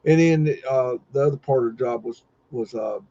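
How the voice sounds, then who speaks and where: A man's voice: medium pitch, moderate pace, mellow, muffled recording. A man casually telling rambling stories about his old jobs, folksy and swearing freely, with lots of fillers. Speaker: podcast host.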